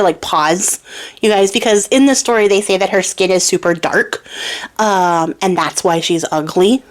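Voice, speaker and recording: A young woman casually retelling a fairy tale, irreverent and swearing, slipping into quick character voices. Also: medium pitch. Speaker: storyteller and crafter.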